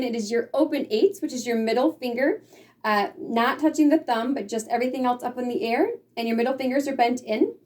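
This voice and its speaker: A woman's voice: high voice, darkish tone, far from the mic. A woman teaching sign language in a patient, explanatory way, sometimes acting out the feelings she describes. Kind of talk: casual instruction.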